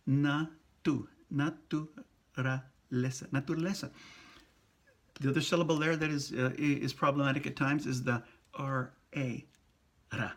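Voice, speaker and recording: Husky man slowly sounding out syllables. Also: mid-range voice, steady tone, a bit bright. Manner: slow, patient, repeats and sounds out syllables. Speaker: priest teaching Spanish pronunciation. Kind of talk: casual pronunciation lesson.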